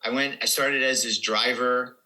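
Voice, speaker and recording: A man's voice: medium pitch, fairly even intonation, normal speed, sharp tone, poor audio. A man in his seventies, a comedian guest telling rambling anecdotes in casual podcast talk. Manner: rambling anecdotes with quoted dialogue.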